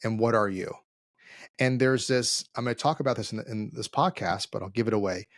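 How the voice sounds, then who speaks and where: A man co-hosting a casual business podcast, telling stories and acting out quoted dialogue with lively energy. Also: lowish voice, brisk, no echo, studio quality. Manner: animated storyteller, acts out quoted dialogue. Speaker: podcast co-host, CEO.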